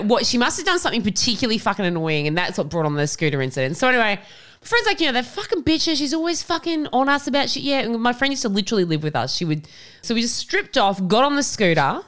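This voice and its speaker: A woman co-hosting a casual podcast chat, swearing freely and laughing through her stories. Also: mid-range voice. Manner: swears constantly, laughs often, storytelling; animated, fast bursts. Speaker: podcast co-host.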